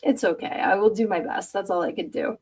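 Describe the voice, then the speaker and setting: A woman's voice: medium pitch, a little fast, a little mellow, slightly rough, far from the mic. A middle-aged woman hosting a podcast, chatting casually and rambling, laughing often at herself as she reads viewer comments aloud. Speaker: podcast host.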